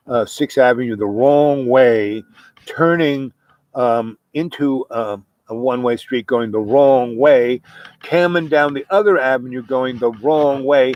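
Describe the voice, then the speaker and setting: A man's voice: medium pitch, slight background noise, poor audio. Rambling man telling a casual anecdote. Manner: rambling, restarts, chuckling. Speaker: storyteller.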